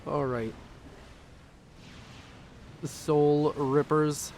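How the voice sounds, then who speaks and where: A young man casting a strategy video game with quick, chatty, self-mocking commentary, sounding tired. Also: fairly high pitch, fairly even intonation, darkish tone, slight background noise. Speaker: game caster.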